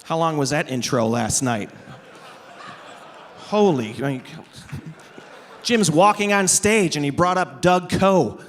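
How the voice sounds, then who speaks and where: A man's voice: on the high side, expressive, takes it slowly, pauses often, a bit bright, a little hiss or hum. A man in his thirties doing stand-up on stage into a microphone, sarcastic and teasing the audience. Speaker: comedian. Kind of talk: stand-up comedy. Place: stage before a live audience. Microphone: amplified stage microphone.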